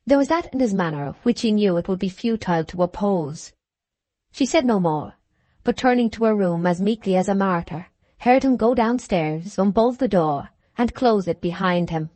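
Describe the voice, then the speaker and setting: A woman narrating a classic novel in a measured, steady audiobook reading. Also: mid-range voice, no echo.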